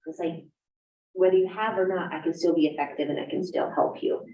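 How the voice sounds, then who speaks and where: A woman's voice: lowish voice, steady tone, fairly quick, warm tone, a little hiss or hum. A woman instructor speaking frankly and conversationally on a panel at a career event. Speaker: graduate program instructor. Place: university event room. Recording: distant, echoey, dull room recording.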